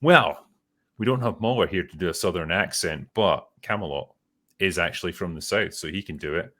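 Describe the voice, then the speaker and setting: A man's voice: low-pitched, normal speed, sharp tone. A man hosting a casual panel chat, blunt, swearing freely and laughing often. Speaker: host.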